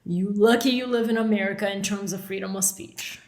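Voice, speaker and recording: A woman co-hosting a casual podcast, bubbly and quick to laugh as she moves through the topics. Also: medium pitch, steady tone, darkish tone. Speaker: podcast co-host. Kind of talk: casual banter. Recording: roomy echo.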